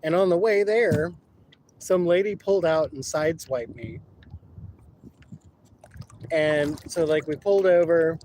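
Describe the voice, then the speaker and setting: A man tells loose, laughing stories while out on the river, cursing freely as he goes. His voice sits a touch high for a man. Faint outdoor noise hangs behind him. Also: measured pace, pauses often, darkish tone, poor audio. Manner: rambling, laughing, swears freely. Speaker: vlogger. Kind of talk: casual storytelling while kayaking.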